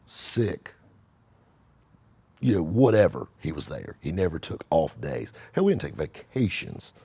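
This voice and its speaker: A deep, husky man talks straight to the camera with blunt, salty motivational advice. His pitch swings widely as he talks, and his tone stays dark and mellow. The sound is dry and close, with little room around it. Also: measured pace, no room sound. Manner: blunt and animated, swears freely, talks in restarts and fillers. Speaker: car vlogger and host.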